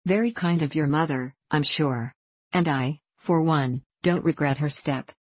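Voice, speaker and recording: A woman reading the part of a bold young gentleman who talks in a bland, coaxing way. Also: deep voice, unhurried, husky, no echo.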